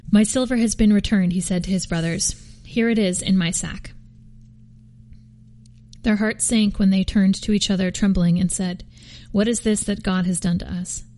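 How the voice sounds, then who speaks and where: A woman reading scripture aloud for a podcast, steady with occasional slips and restarts. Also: mid-range voice. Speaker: podcast reader.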